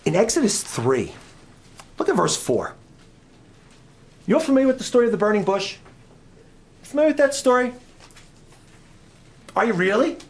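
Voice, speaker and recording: A middle-aged guest speaker preaches a sermon, quizzing the audience and alternating between soft asides and loud emphasis. His voice is very high and very animated, at normal speed with long pauses.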